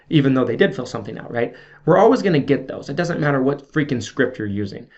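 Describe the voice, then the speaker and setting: A man's voice: mid-range voice, lively intonation, fast. A man giving a casual video sales training, coaching viewers in a chatty way with frequent check-ins and fillers. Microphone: camera video. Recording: slightly dull lo-fi audio.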